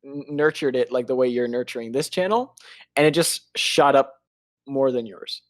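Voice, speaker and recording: A man's voice: medium pitch, moderate pace, dry recording. A young man co-hosting a podcast, teasing and rambling in casual banter. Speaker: podcast co-host.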